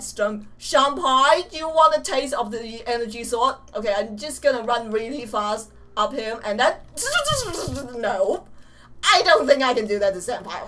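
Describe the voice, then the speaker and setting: A woman playing a video game and commenting excitedly, laughing and shouting often. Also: high-pitched. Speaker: gamer. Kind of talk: let's play commentary. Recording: distant mic with game music. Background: game music.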